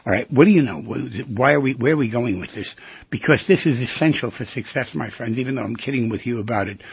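A man with a gravelly, very husky voice hosts a radio call-in show, pressing listeners with one question after another. He teases and jumps to sudden loud bursts. The sound is dry and somewhat dull. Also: mid-range voice, fast, no echo. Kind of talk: talk radio monologue.

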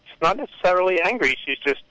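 A middle-aged man calling in to a radio advice show, speaking hesitantly with halting restarts. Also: sits high, animated, sharp tone, no room sound, low-quality recording. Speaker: caller. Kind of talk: call-in radio conversation. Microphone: phone.

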